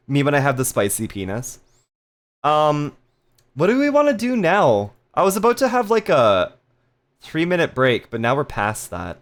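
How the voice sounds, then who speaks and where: Animated, giggly live streamer. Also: mid-range voice, normal speed. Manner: playful, giggly, crude joking. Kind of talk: casual live-stream chat with viewers.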